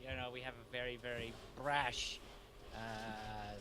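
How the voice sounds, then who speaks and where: Deadpan sarcastic podcast co-host, a man. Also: mid-range voice, a little slow. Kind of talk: casual podcast chat. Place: home, Canada.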